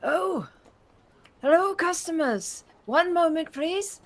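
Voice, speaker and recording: A woman voicing an older male dragonborn shopkeeper who is polite and fussy, with a high, genteel manner. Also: lively intonation, takes it slowly, exaggerated voice. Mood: cheery welcome.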